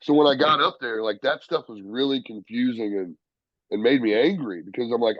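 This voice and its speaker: A man's voice: medium pitch, brisk, dry recording, lo-fi sound. Profane storytelling wrestler, man. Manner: profane, animated, acts out quoted people. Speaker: professional wrestler guest. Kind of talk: casual storytelling interview.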